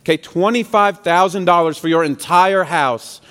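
A man's voice: high voice, normal speed, a bit bright, in a large hall. A man serving as student pastor, preaching a sermon in a casual, joking, conversational way. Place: church sanctuary.

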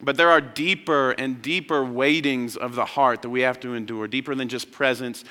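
A young man preaching a sermon as pastor, telling stories with lively energy and acting out childhood voices. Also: mid-range voice, moderate pace. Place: large church hall. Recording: long hall reverb.

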